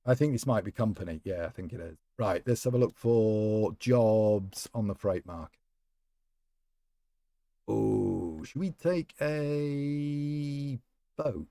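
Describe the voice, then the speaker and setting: While gaming on stream, a man keeps up chatty, meandering talk, greeting his viewers by their names. The recording has no room sound, and his voice sits at a medium pitch with a dark tone.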